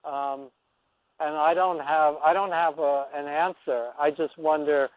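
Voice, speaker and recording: A man's voice: a little high, steady tone, a little slow, dry recording. A man in his sixties, an anthropologist guesting on a radio show, telling a story in a reflective, wandering way and often restarting his sentences. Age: 60s. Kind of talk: rambling storytelling on a call-in interview. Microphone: telephone. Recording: dry, tinny phone line.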